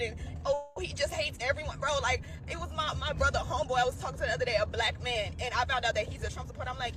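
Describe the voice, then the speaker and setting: Woman, casual vlog rant, profane, exasperated, high voice, fast, music bed.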